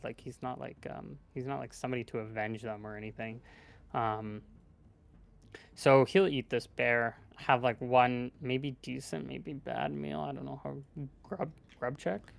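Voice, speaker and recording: Gravelly rambling man playing a tabletop game. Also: medium pitch. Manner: rambling, full of fillers and restarts. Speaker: player. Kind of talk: casual tabletop game chat.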